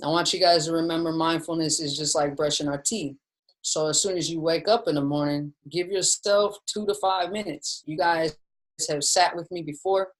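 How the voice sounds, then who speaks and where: A woman leads a mindfulness lesson from home over a video call. Her delivery is relaxed and conversational, and she keeps turning to her listeners as "you guys". She sounds like a friendly teacher explaining things plainly. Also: low voice, moderate pace, poor audio. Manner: casual and chatty, often says "you guys". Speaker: mindfulness instructor. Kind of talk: casual teaching in a webinar. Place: at home with her dog nearby. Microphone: video call setup.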